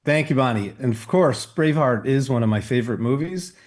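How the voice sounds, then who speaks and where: Guy coach on a radio interview, earnest, steady, kinda measured. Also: mid-range voice. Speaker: guest founder and coach. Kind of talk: interview talk.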